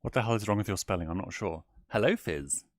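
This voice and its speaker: A man's voice: fairly low pitch, quick pace, close to an everyday voice. A man voicing a flamboyant male owl demon prince while streaming a game in character, theatrical and giggly, calling people darling. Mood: playful. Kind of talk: in-character gameplay livestream.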